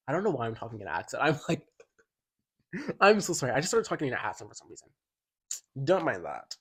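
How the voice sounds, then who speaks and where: This male YouTuber talks fast about an album, his medium-pitched voice swooping wildly, with frequent pauses and a fairly bright, breathy quality. His casual review is chatty and eager, crammed with "like."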